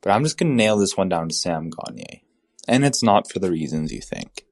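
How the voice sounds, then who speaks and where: A man's voice: low-pitched, animated, fairly quick. A man leaving a rambling, conversational voicemail, telling a story about his childhood favorites. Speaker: voicemail caller.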